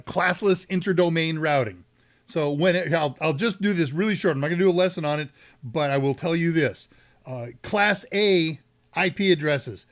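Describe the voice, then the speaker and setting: A man's voice: a little high, a bit bright. A man with a Texan accent hosting a live tech Q&A stream, talking in a rambling, jokey way with asides and self-corrections. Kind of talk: casual live-stream chat.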